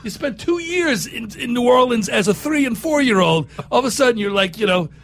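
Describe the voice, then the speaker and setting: Sarcastic guy host, higher voice, mocking, faint music behind. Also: lively intonation, a little fast, fairly bright tone. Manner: sarcastic, mocking, laughs often. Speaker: radio host. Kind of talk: casual chat commentary.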